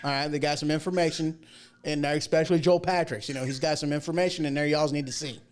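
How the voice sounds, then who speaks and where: A man's voice: fairly high pitch, fairly even intonation, fast. A man hosting a casual livestream talk show, chatty and folksy, rambling through asides and jokes. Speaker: show host.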